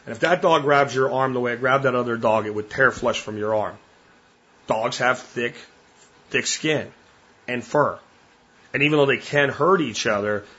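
A man's voice: medium pitch, a bit bright, husky, lo-fi sound. A man hosting a podcast, talking bluntly and plainly in a casual monologue. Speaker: podcast host.

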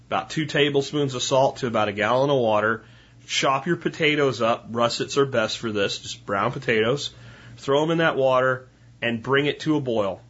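Male podcast host, husky, mid-pitched, casual how-to talk, muffled lo-fi sound. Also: fairly bright tone. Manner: chatty, instructional, with frequent "right?" asides.

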